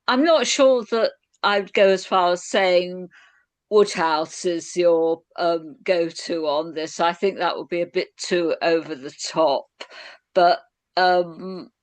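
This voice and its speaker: Woman, book-group reader, slow and considered, dry close call sound. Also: lowish voice, no echo. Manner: thoughtful, hesitant, many "um"s. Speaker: reading group participant. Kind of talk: online book discussion. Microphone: video call.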